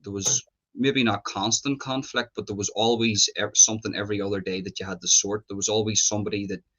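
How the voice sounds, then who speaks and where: A man interviewing his guest in a relaxed, chatty way. His voice sits somewhat low, and his questions wander and fill up with "you know" and "sort of" before he reaches the point. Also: fast talker. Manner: chatty, searching questions, filler-heavy. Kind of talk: casual interview.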